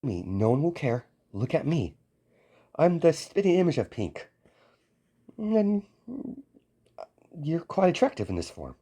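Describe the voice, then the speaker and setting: Man doing a teasing young woman, raised pitch, bouncy, pushy. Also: big pitch swings, unhurried, pauses often, mellow, slightly rough, heavily acted. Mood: coaxing. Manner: teasing, coaxing. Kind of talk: amateur story voicing.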